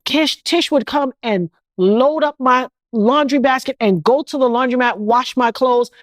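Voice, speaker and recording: Emphatic woman with a high voice. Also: measured pace, no room sound. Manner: emphatic and repetitive, preacher-like cadence. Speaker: interview guest. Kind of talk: emotional interview.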